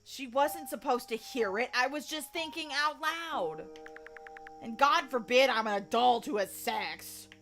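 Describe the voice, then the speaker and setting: A woman's voice: high voice, animated, a little slow, a bit bright, soft background music, full character voice. A Southern woman reading a wry young man. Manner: wry, conversational storytelling. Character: young man telling a friend about an awkward scene. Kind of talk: reading a visual novel aloud.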